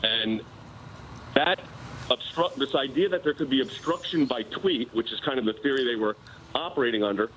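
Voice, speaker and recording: A man's voice: medium pitch, normal speed, fairly bright tone, a little hiss or hum, low-quality recording. A man, a personal attorney, arguing his case insistently in a live TV news interview. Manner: insistent, argumentative legal explanation.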